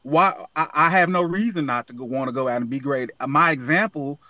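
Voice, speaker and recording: Man, higher-pitched, earnest and motivational interview guest, dry and dull lo-fi sound. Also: a little fast, bright, forceful tone, no room sound. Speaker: guest, app founder. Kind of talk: casual interview conversation.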